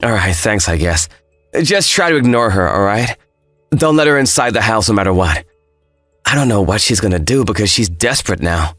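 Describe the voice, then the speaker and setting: Man voicing a tired husband, low voice, dry sound, soft music behind. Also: animated, normal speed. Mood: worried. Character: weary, protective young husband. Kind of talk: dramatized story dub.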